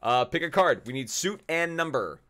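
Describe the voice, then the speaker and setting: A man's voice: on the high side, lively intonation, normal speed, bright, forceful tone. Jokey man hosting a trivia game. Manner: jokey, rambling, repeats himself. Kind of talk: casual live trivia hosting.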